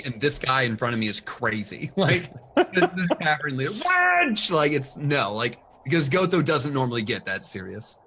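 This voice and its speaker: Bright, animated male player. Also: medium pitch, slight background noise, rough recording. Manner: animated, with laughter. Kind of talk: casual tabletop play.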